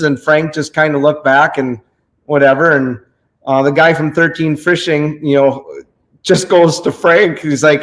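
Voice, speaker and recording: A man chats loosely, telling a story among friends. He rambles and pauses to dig for names he can't recall, in a voice pitched a touch higher than most men's. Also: steady tone, low-quality recording. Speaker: host. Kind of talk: casual chat.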